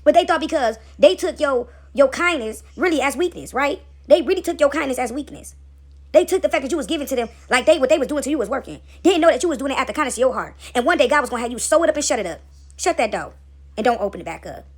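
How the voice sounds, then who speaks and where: A woman preaching casually on a home video, animated and slangy, swearing freely and often laughing. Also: high-pitched, fast. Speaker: spiritual video creator and mother. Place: home, seated with dogs nearby.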